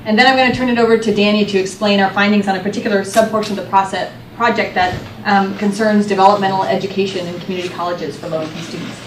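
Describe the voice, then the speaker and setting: A woman's voice: medium pitch, fairly even intonation, quick pace, few pauses. A woman presenting research findings at a seminar, upbeat, with frequent um fillers and restarts. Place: seminar room. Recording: roomy hall, distant mic, faint noise.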